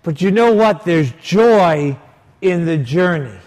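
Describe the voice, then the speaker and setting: High-voiced priest preaching in a reverberant hall. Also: male voice, expressive, takes it slowly, darkish tone. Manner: storytelling with quoted dialogue, varied emphasis. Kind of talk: sermon. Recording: long reverb of a large hall.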